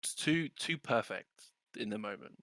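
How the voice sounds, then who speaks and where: A man's voice: fairly low pitch, expressive, a bit bright, dry recording, clean studio sound. A man narrating as dungeon master of a tabletop game, hesitant and full of restarts. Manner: halting, many restarts and fillers.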